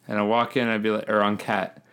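A man's voice: lowish voice, level tone, brisk, fairly bright tone, clean tone. A man co-hosting a casual podcast, joking around and swearing a lot. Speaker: podcast co-host.

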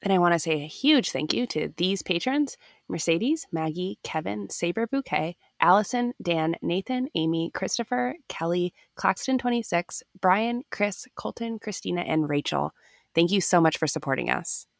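A woman's voice: lowish voice, animated, moderate pace, gravelly, no room sound, studio quality. A woman co-hosting a podcast, speaking in an enthusiastic, grateful way and laughing often. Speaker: podcast co-host. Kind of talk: casual chat.

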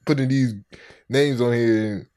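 Podcast guy ranting and joking, mid pitch, swears a ton. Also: slow pace, clear, resonant tone. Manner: profane, joking, animated retelling. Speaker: podcast co-host. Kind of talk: casual chat.

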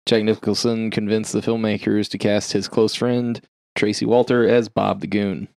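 A man's voice: fairly low pitch, little pitch movement, moderate pace, gravelly, a little mellow, no room sound, clean studio sound. A man co-hosting a casual film chat, reading out trivia and swearing now and then. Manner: reads trivia aloud, swears and laughs often.

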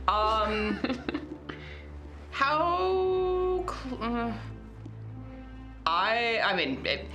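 A woman's voice: fairly high pitch, sing-song, drawn-out words, over music. A woman player in a tabletop game, speaking in a blunt, matter-of-fact way. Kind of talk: casual game chat.

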